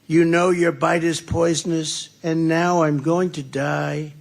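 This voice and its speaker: A man reading out the lines of a kind, tender woman from a recited poem, his voice gravelly and pitched up. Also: flat delivery, slow, heavily acted. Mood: pleading. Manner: recited, raised emphatic delivery.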